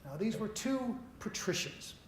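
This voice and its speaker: A man's voice: sits high, big pitch swings, unhurried. Middle-aged man giving a chatty keynote. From Seattle. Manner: conversational, self-deprecating storyteller. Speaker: keynote speaker. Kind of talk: conference keynote lecture. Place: lecture hall with audience. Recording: echoey hall, faint noise.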